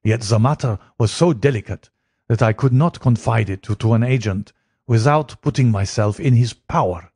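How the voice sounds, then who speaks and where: A man voicing a proud, anxious king who speaks in a slow, measured, formal way. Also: mid-range voice, darkish tone, slightly rough, no echo, studio quality.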